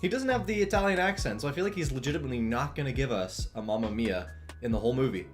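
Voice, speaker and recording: A young man in a relaxed, chatty mood, talking with his stream audience while he sketches. His voice sits at an ordinary pitch but moves around a lot, rising and falling as he goes, and he laughs easily between thoughts. A faint music bed plays under him. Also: fast. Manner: relaxed, chatty, laughs often, answers chat. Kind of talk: casual chat while drawing on stream.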